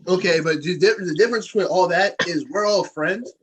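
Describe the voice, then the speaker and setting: A man's voice: high-pitched, fairly quick, slight background noise, rough recording. A man hosting a casual podcast chat with friends, rambling and laid-back with many fillers. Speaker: podcast host.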